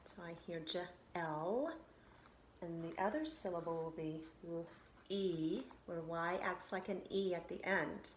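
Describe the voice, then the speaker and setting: A woman's voice: lowish voice, steady tone, unhurried, reverberant, slight background noise. A woman teacher giving a recorded phonics lesson to children, patiently sounding out syllables and reassuring them.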